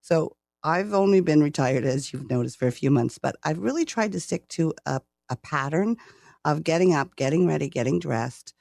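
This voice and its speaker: A woman's voice: low voice, expressive, moderate pace, creaky, darkish tone, no room sound. Canadian woman in her 60s, retired guest, giggly and restarting, dry close sound. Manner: laughs often, repeats words as she starts sentences. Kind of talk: casual interview chat.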